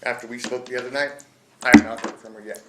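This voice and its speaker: A man's voice: mid-range voice, fairly even intonation, very noisy. Guy at the podium, blunt and stumbling a bit, roomy echo. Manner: blunt, halting, repeats words. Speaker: citizen giving public comment. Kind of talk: public comment at a city meeting. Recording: echoey council chamber.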